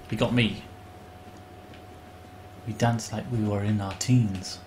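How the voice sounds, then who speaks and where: An English man chatting and joking while he streams a game, with sudden loud outbursts. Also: fairly low pitch, fairly even intonation, slow pace, long pauses, noisy background. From England. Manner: chatty, self-mocking, bursts into loud outbursts. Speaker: gaming streamer. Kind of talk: live gameplay commentary.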